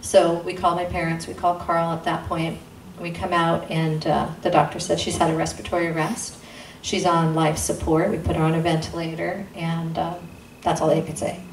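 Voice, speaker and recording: A woman's voice: level tone, normal speed, few pauses. Woman telling a testimony, roomy and distant. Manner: earnest, re-enacts dialogue with sudden pitch jumps. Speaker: guest speaker sharing testimony. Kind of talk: personal testimony storytelling. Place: intimate church gathering room. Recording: roomy sound from a distant mic, faint noise.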